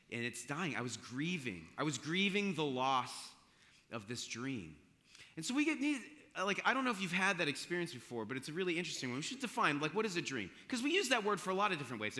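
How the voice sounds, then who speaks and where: A man in his forties speaks from a university chapel in a bright, fairly high voice. His talk is casual and playful, full of self-deprecating jokes and stories, and his pitch swings widely. The room adds a long, ringing hall reverb. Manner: playful, self-joking, conversational.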